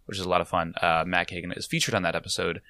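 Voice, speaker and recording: A man co-hosting a casual podcast, upbeat and quick to laugh. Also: low voice, level tone, bright, forceful tone, no room sound. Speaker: podcast co-host.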